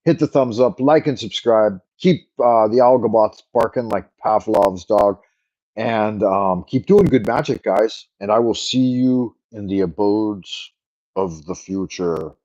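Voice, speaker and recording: Middle-aged guy doing a goofy fake irish lilt on his late night stream, warm low-key tone, kinda muffled audio. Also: measured pace. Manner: jokey put-on mock Irish lilt; rambling, thanks viewers by name. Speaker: livestream host. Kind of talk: casual late-night livestream chat. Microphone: camera mic.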